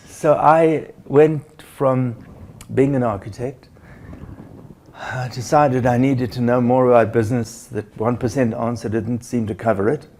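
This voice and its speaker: A man's voice: medium pitch, fairly even intonation, measured pace, mellow, slight background noise. An older man, a business educator, recounting in an anecdotal way how his work began, with restarts and acted-out dialogue. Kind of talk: reflective storytelling.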